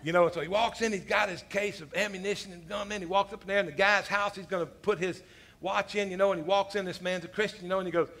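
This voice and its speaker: High, bright-voiced man preaching. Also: fast talker. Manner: animated storytelling, peppered with "man" and "you know"; self-deprecating humor, laughs at his own stories. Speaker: pastor. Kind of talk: sermon.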